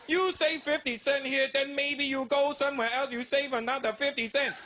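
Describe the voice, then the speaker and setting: A man voicing a pushy male shopkeeper who haggles in a slow, coaxing sales patter, on a live stage. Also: very high voice, flat delivery, pitched above the performer's own voice. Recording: live show with loud audience.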